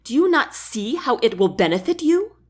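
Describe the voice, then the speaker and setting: A woman's voice: high voice, sing-song, moderate pace, voice pushed up. A woman voicing a smug, condescending male chancellor in a storybook reading, with a haughty, dismissive manner.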